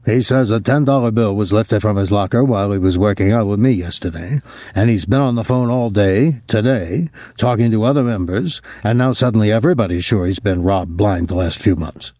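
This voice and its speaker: A man voicing a gruff middle-aged boxing-club trainer who talks bluntly in weary street slang, quieter and lower than his narration. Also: brisk, dry recording, clean studio sound, close to an everyday voice.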